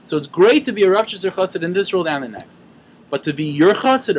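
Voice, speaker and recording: A man teaching a Torah lesson through an animated story, sprinkled with Yiddish and Hebrew terms and frequent restarts. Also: high voice, fast talker, slight background noise.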